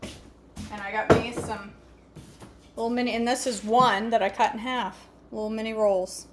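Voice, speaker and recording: A woman's voice: fairly high pitch, steady tone, moderate pace, slight background noise. A woman hosting a casual cooking vlog from her home kitchen, chatty, folksy and joking. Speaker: vlog host.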